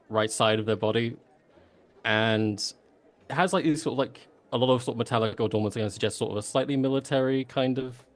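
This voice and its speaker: A man describing his character as a player in a tabletop game, rambling and hedging with "sort of" and "like". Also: lowish voice.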